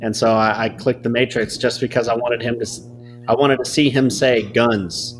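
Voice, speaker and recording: A man co-hosting a casual podcast, easygoing and quick to laugh. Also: medium pitch, flat delivery, soft background music, poor audio. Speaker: podcast co-host. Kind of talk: casual chat.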